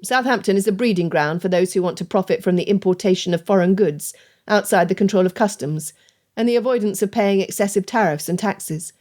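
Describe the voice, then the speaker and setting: A woman's voice: mid-range voice, brisk, darkish tone, natural voice. Woman voicing a curt smuggler captain. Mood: matter-of-fact. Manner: curt, commanding. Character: gruff male smuggler ship captain.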